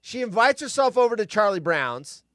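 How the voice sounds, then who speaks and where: A man's voice: high-pitched, big pitch swings, moderate pace, fairly bright tone, no echo, studio quality. A man hosting a casual live stream, grumpy and profane, ranting and rambling.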